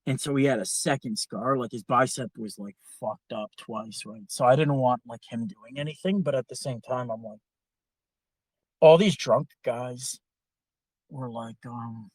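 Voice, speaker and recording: A man's voice: mid-range voice, unhurried, no room sound. A man hosting a podcast, telling a long story in a casual, profane, exasperated way. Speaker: podcast host.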